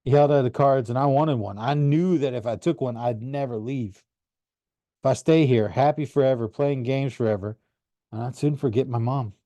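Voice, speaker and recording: A man narrating a first-person story with an earnest, animated delivery. His voice is dark and mellow, recorded close in a dry room with no echo. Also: medium pitch, moderate pace. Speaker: audiobook reader.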